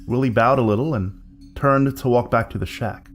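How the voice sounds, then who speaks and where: Male narrator, mid-pitched, steady and suspenseful, light music underneath. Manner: measured, building suspense. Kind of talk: scripted horror story narration.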